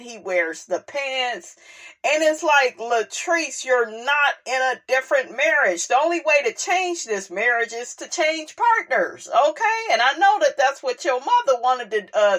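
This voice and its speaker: A woman hosting a casual reality TV recap, talking with sass, drawn-out words and frequent exclamations. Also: medium pitch. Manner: sassy, animated, drawls and exclaims.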